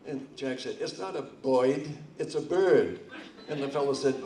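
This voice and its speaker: A man's voice: mid-range voice, warm tone, distant mic, slight background noise. Older man telling jokes in an echoey hall. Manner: slow, halting delivery with restarts. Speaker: amateur comedian at a charity comedy night. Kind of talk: stand-up joke telling. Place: hall with a live audience. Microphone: stage microphone, speaking from a distance.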